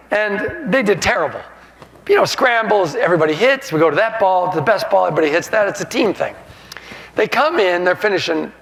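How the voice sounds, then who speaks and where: An older man, an author, telling animated anecdotes to an audience and acting out the voices he quotes. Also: sits high, vocal fry, long reverb tail. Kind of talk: storytelling to an audience.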